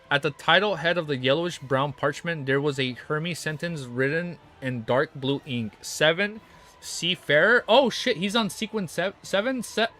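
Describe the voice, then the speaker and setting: A young man on a casual livestream, reading a novel aloud and teasing his chat in a playful, animated way. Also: a little high.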